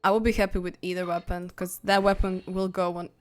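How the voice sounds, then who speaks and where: A woman live streaming a video game, chatting casually with her viewers, giggly and prone to excited squeals. English is not her first language. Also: lowish voice, brisk. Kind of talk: casual gaming stream chat. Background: faint game music.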